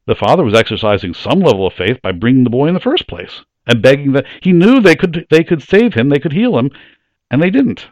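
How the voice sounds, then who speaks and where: A man's voice: medium pitch, dry recording. A man giving a sermon, teaching in a plain conversational way and asking the listeners rhetorical questions. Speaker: preacher.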